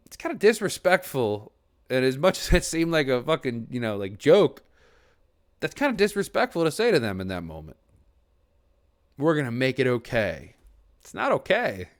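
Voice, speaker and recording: A man's voice: medium pitch, very animated, moderate pace, long pauses. Earnest rambling young man streaming. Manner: earnest, rambling, with restarts and swearing. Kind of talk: reflective casual talk to a stream chat. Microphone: desk mic at a computer.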